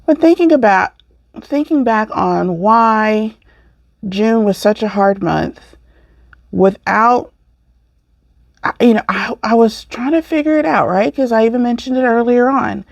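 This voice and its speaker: Slow, gravelly-voiced woman chatting. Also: fairly high pitch, no room sound, muffled recording. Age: middle-aged. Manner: chatty, rambling, self-correcting. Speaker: podcast host. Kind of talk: casual chat showing crafts.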